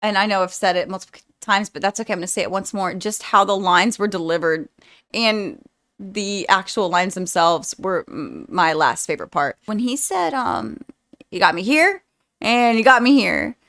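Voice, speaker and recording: A woman's voice: mid-range voice, animated, moderate pace. A young woman vlogging a movie reaction, chatting casually to her viewers in a rambling, heartfelt way with lots of "like.". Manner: rambling and chatty, says "like" often; warm and heartfelt toward viewers.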